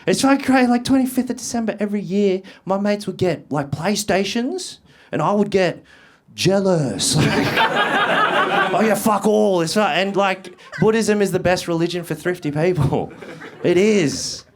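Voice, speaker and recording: A man, performing a stand-up comedy routine with profane, animated storytelling and shouted punchlines. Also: sits high, moderate pace, a little hiss or hum. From Australia. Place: theatre stage with a live audience.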